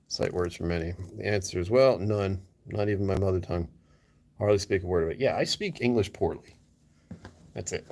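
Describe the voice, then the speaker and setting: Man, livestream chat, self-mocking, jokey, lowish voice, faint background hiss. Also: darkish tone. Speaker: streamer reading chat. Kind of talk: casual live-stream chat.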